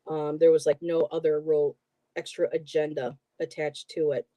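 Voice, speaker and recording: A middle-aged host from the Buffalo area with a mellow, darker tone. Talks in a rambling, emotional way full of fillers, recorded close and dry with no room sound. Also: medium pitch, no echo. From Buffalo, New York area. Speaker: host, tarot reader. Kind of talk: casual chat.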